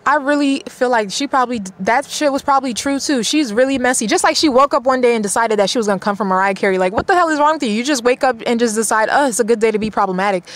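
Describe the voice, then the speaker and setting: A woman's voice: fairly high pitch, fast talker, few pauses, a bit bright, slight background noise. A woman vlogger ranting in blunt, exasperated casual commentary, swearing often.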